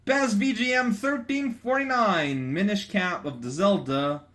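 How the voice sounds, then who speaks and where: Rambling, playful young man, slightly high voice. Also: unhurried, a bit bright. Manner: rambling and playful, with stammered restarts. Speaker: let's player. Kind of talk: casual gaming commentary reading chat. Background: faint game music.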